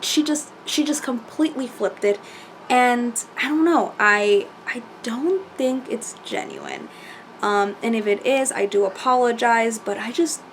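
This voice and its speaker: A woman chatting casually as she recaps a reality show, animated and full of fillers and quoted asides. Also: a little high, slight background noise.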